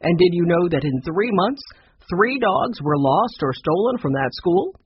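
A man voicing a pushy, defensive, suspicious baker in a storybook, with an emphatic, husky voice. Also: high-pitched, sing-song, measured pace, slight background noise. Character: smooth-talking suspicious male baker, defensive. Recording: dull muffled recording.

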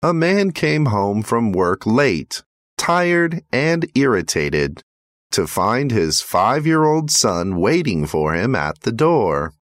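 A man's voice: medium pitch, slow pace, no room sound, studio quality. A man narrating a short moral story, acting out the parts as he reads. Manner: lively, acts out the story.

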